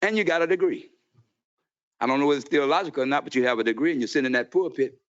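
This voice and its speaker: A man's voice: mid-range voice, very fast. A man making an impassioned public comment at a council meeting, confrontational and preachy, quoting scripture. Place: city council chamber. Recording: dull lo-fi meeting audio.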